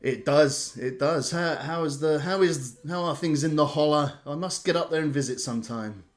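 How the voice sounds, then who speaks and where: A man's voice: on the high side, moderate pace, close to an everyday voice. A man doing a harried friendly innkeeper. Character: harried middle-aged male innkeeper, friendly.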